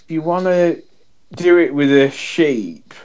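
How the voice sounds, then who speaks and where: A man's voice: on the high side, expressive, slow, darkish tone, clean tone. Man, co-host, casual chat, laughing storyteller, muffled lo-fi sound. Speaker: podcast co-host. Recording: dull lo-fi podcast audio.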